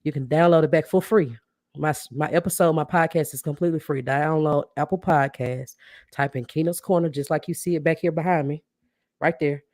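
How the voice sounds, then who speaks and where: A woman podcast host chatting casually with livestream viewers, warmly thanking them and reacting to their comments. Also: sits low, steady tone, a little fast, no echo, studio quality. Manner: chatty, keeps addressing viewers as y'all; warm and grateful, reacts to comments.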